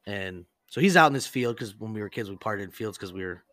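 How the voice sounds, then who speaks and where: A man's voice: on the low side, lively intonation, fast talker, bright, forceful tone, dry recording, studio quality. A man casually telling a crude prank story on a podcast, rambling and profane, full of "like" and acted-out quotes.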